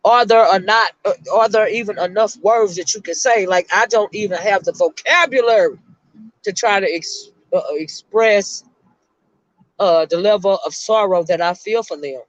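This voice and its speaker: A middle-aged woman, a retired school counselor, hosting an emotional live-stream chat and speaking haltingly to her viewers. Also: medium pitch, no echo, highs cut off. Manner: emotional, halting, repeats words while talking to her chat.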